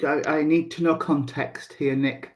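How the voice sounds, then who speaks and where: A man's voice: on the high side, steady tone, measured pace, a little mellow. A man, a reverend co-hosting a casual live chat, teasing his partner and pressing him for details. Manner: teasing, prods co-host for details. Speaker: co-host, reverend.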